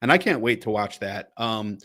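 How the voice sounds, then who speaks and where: A man's voice: lowish voice, expressive, moderate pace, fairly bright tone. A man hosting a casual podcast, rambling with frequent restarts and the occasional swear word. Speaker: podcast host. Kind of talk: casual chat.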